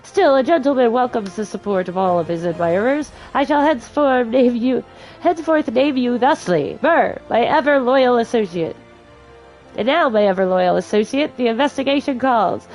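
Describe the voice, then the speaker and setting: A self-important gentleman inspector full of flowery, grandiose speech, put on by a woman reading game lines aloud. The voice sits a little lower than her usual higher register, with soft music faint in the background. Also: lively intonation, moderate pace, low-quality recording. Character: pompous gentleman male detective, theatrical.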